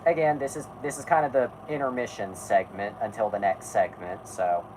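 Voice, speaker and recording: A podcast host with a lowish, steady voice runs a casual live stream, speaking at a normal speed to his chat and co-hosts. He halts, rambles and restarts his sentences, and there is background noise.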